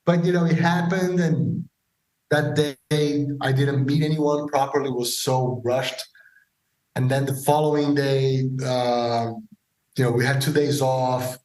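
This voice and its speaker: A man as a podcast guest, telling stories casually and acting out the dialogue with lively voices. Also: medium pitch, slow. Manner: animated, acts out quoted dialogue. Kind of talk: casual storytelling interview. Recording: roomy echo.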